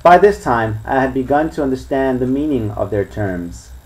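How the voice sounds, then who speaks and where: A man reads an adventure novel aloud in a plain, steady manner. His voice sits at a middle pitch. He closes each part with a relaxed, casual sign-off. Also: moderate pace, rough recording. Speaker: reader of a serialized book. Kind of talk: storybook reading.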